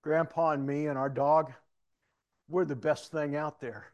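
A man quoting a scared four-year-old boy in a soft, hesitant voice while telling a story in a sermon. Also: on the high side, fairly even intonation, unhurried, muffled recording, lightly acted. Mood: timid. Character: timid little four-year-old boy afraid of the dark.

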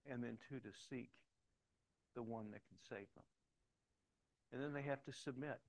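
A man's voice: medium pitch, steady tone, normal speed, vocal fry, poor audio. Middle-aged pastor, man, preaches in a chatty storytelling style and gets emphatic. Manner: conversational storytelling, emphatic at points. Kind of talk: sermon with personal stories.

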